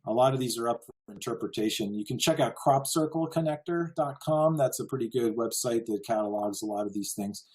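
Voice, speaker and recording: A man's voice: medium pitch, fairly quick, few pauses, a little mellow, rough recording. An American man giving a casual slideshow lecture, earnest and full of wonder, chuckling now and then. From United States. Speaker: presenter.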